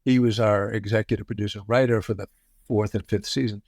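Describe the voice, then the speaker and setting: A man in his sixties telling show-business anecdotes as a guest, animated and often acting out quotes. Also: fairly low pitch, fairly quick, gravelly, no room sound, studio quality. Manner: lively storyteller, acts out quotes.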